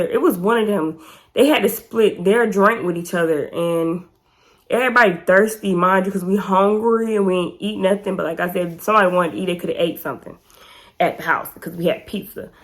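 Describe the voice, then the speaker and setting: A woman's voice: mid-range voice, brisk. A young adult woman, animatedly telling a casual storytime as a vlogger and acting out quotes in a raised voice.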